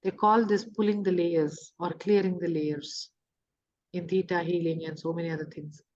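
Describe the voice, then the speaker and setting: A woman's voice: fairly low pitch, level tone, moderate pace, a little mellow. A woman giving a spiritual teaching talk on emotions, explaining with rhetorical questions and everyday examples. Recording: dull lo-fi recording.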